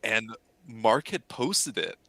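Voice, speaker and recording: Male podcast guest, bright and eager, animated storyteller, dry close sound. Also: fairly low pitch, takes it slowly, dry recording. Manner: excitable, animated retelling with voiced quotes. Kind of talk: casual storytelling.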